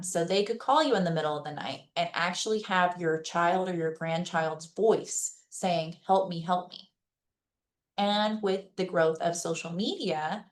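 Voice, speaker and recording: Lower-voiced woman giving a friendly talk. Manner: conversational, checks in with listeners by asking "okay?" and "right?"; gives practical advice in a plain, reassuring way. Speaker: presenter at a senior-services webinar. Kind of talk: informal educational presentation.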